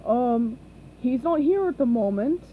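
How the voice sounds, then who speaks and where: A woman voicing a dim-witted, boisterous male starfish in a storybook reading, loud, dopey and drawn-out. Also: fairly high pitch, expressive, narrow, tinny audio, a little hiss or hum. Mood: bluffing.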